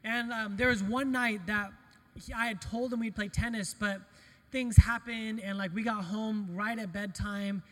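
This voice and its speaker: High-voiced pastor preaching in a reverberant hall. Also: male voice, a little slow. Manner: animated, storytelling, self-deprecating humor. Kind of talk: conversational sermon with personal stories.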